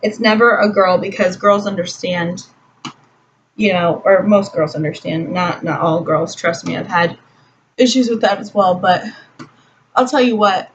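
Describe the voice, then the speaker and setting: A woman's voice: lowish voice, unhurried. A young woman chatting through a makeup tutorial at home, ranting with casual swearing and lots of fillers. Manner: irritated, profane ranting with many fillers. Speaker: makeup vlogger. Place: home room. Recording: distant, dull lo-fi home recording with faint hiss.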